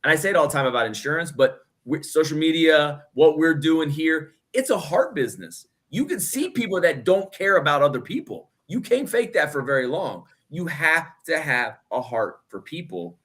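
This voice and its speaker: A man co-hosting a faith podcast in casual chat, animated and emphatic, speaking in quick bursts. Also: fairly high pitch. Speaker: podcast co-host.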